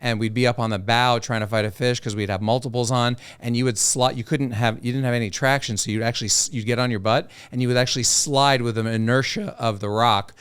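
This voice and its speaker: With a smooth, clear, mid-pitched voice recorded close and dry with no room sound, this South Florida professional angler and TV host tells fishing stories on a podcast. He talks quickly and energetically with hardly any pauses, slipping into little voices for the people he quotes.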